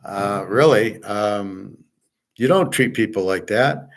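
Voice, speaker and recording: A man's voice: on the low side, slow, gravelly. Blunt, rambling middle-aged man. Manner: blunt, self-assured, repeats words while ranting. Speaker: podcast host. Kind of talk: rambling monologue.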